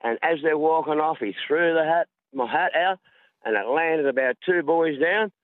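A man with an Australian accent calling a radio show, telling a rambling, excitable story. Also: on the high side, moderate pace, dry recording. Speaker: caller. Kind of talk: phoned-in anecdote. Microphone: phone. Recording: tinny phone line.

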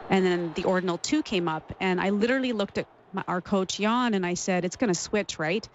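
A woman's voice: medium pitch, steady tone, fairly quick. Emotional woman recalling memories. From Canada. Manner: warm, emotional, laughs while recalling. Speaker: interview guest, former athlete. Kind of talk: reflective interview storytelling. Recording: dull lo-fi sound.

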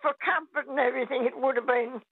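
An older woman calling in to a radio show, talking in a halting, hesitant way. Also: high-pitched, fairly even intonation, slightly rough, no echo. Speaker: caller. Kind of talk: casual phone-in chat. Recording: tinny phone line.

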